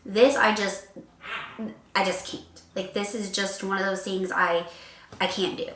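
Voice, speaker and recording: A woman's voice: mid-range voice, fairly even intonation, unhurried, a bit bright, slight background noise. Young woman, casual chat, emphatic, repeats herself, echoey room. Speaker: reaction video guest. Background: faint music.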